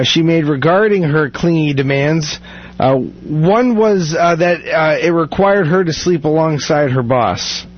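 A man hosting a casual podcast chat, laughing easily and talking in a relaxed, rambling way. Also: on the high side. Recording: muffled lo-fi podcast audio.

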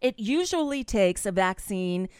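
A woman's voice: medium pitch, animated, measured pace, a little mellow, clean tone, no echo, clean studio sound. A woman co-hosting a casual podcast, giving emphatic opinions and apologizing when she cuts in. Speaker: podcast co-host. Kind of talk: casual political chat.

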